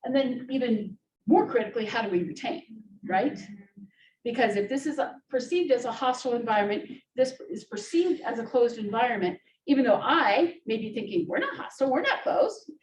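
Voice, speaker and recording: A woman's voice: fairly high pitch, expressive, a little fast, a little mellow. A woman presenting on social work, speaking earnestly and often checking in with the audience by asking "right?". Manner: earnest, tag questions like "right?". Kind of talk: conference talk. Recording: roomy, distant mic, faint hiss.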